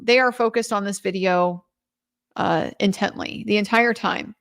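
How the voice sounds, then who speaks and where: A woman's voice: on the high side, a bit bright. A woman commentator giving a casual, chatty recap of a trial, with many restarts and quoted lines.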